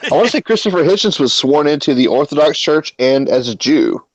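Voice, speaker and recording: A man's voice: a little high, animated, a little fast, dry recording, rough recording. A man talking in a hesitant, rambling way in a casual group chat. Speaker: guest.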